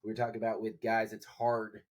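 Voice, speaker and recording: A man's voice: fairly low pitch, completely flat delivery, quick pace. A man co-hosting a podcast, talking in a loose, rambling way with many restarts. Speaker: podcast co-host. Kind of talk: casual chat.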